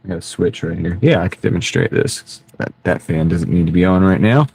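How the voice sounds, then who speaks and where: A man's voice: deep voice, fairly quick, vocal fry, darkish tone, breathy edge. A man hosting a casual live stream from his car, rambling and joking with viewers, often breaking into laughter, on a wireless clip-on mic. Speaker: livestream host chatting with viewers. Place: inside a car. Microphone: wireless clip-on microphone.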